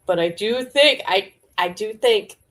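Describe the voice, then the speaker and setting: A woman's voice: mid-range voice, animated, unhurried, a bit bright. A woman hosts a casual livestream with an everyday mid-range voice. She chats loosely and speaks straight to her viewers. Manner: chatty, addresses viewers directly. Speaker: livestream host. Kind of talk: casual gossip commentary.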